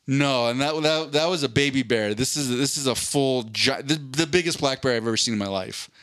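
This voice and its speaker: A man's voice: medium pitch, fairly quick, fairly bright tone, no echo, studio quality. A man co-hosting a podcast who tells a long story in casual, profane chat and acts out voices as he goes. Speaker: podcast co-host.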